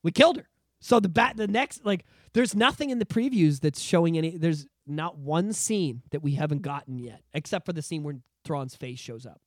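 A man hosting a podcast in casual chat, excitable and emphatic, swearing freely. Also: a little high, normal speed, no room sound, clean studio sound. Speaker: podcast host.

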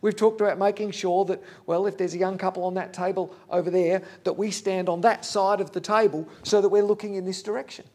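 A man's voice: sits high, steady tone, a little fast, few pauses, darkish tone. A man preaching a sermon, earnest and candid, talking plainly to the congregation with fillers.

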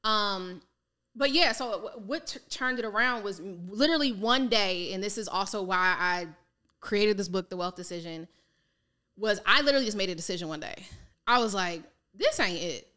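A woman's voice: medium pitch, moderate pace. A woman from Maryland, a financial coach, telling her story in a candid, casual way with slang, acting out what people said. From Maryland, United States. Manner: animated, slangy, acts out quoted voices.

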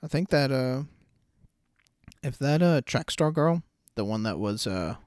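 A man's voice: mid-range voice, lively intonation, measured pace, darkish tone, no echo, clean studio sound. A man hosting a casual solo podcast, talking loosely in slang and calling listeners bro. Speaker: podcast host.

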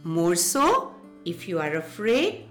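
Slow, lively woman reading a children's story. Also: on the low side, faint music behind. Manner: gentle, addresses children directly. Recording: echoey room.

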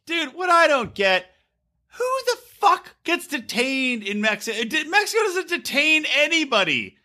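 A man's voice: very high-pitched, very animated, moderate pace, bright, forceful tone. A man co-hosting a podcast, chatting casually about reality TV, acting out quotes and cracking crude jokes. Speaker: podcast co-host. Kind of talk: casual chat recapping reality TV.

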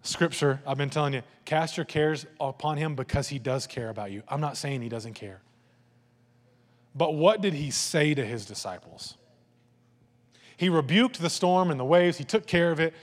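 A man preaching a sermon in a conversational, animated way, acting out voices and asides. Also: a little high, moderate pace. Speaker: pastor. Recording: long hall reverb.

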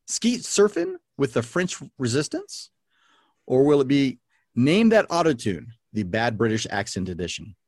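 A man's voice: mid-range voice, huge pitch swings, normal speed, darkish tone, no room sound, clean studio sound. A man hosting a podcast trivia game, reading questions and scoring answers playfully. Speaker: quiz host.

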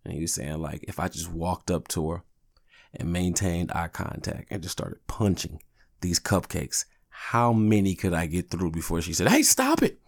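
Deep raspy dude rambling on his podcast, cussing, laid back. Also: fairly even intonation, moderate pace, darkish tone. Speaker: podcast host. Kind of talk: casual solo podcast monologue.

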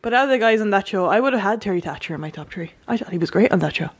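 A woman's voice: medium pitch, expressive, racing, breathy edge, dry recording. A woman co-hosting a podcast, chatting casually about wrestling with a wry, self-deprecating bluntness. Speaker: podcast co-host. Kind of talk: casual chat reviewing a wrestling show.

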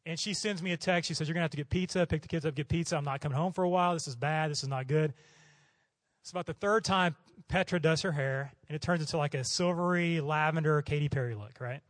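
Middle-aged male missionary preacher from Oklahoma, quick and animated storyteller, slightly high voice, dry close sound. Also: dry recording. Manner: animated, acts out voices in his stories. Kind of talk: storytelling sermon.

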